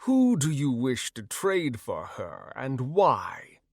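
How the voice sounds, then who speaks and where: A scheming male fire troll played by a man weighs each word slowly and suspiciously. His voice sits in a middle range and is delivered unhurried. The recording is dry and close. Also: mid-range voice, wildly swooping pitch, no room sound, exaggerated voice. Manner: slow, deliberate, suspicious.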